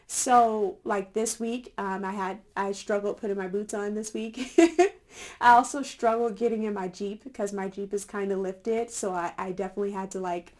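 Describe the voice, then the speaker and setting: Young woman vlogger, casual and chatty, quick to laugh, mid-range voice. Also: mid-range voice, fairly even intonation, a little mellow. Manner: chatty, laughs often, many fillers. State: a little winded. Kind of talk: casual chat to camera.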